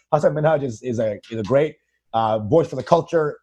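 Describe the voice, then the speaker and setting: A man's voice: medium pitch, brisk, a little mellow. A young man in a casual comedy podcast chat, crude and riffing, saying dude a lot. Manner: crude, riffs with put-on voices, says dude a lot.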